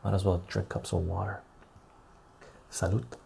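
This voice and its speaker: A man hosting a soft-spoken ASMR live stream, reading out song lyrics from viewers in a slow, quiet way, his voice going rough and cracking. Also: sits low, level tone, slight background noise.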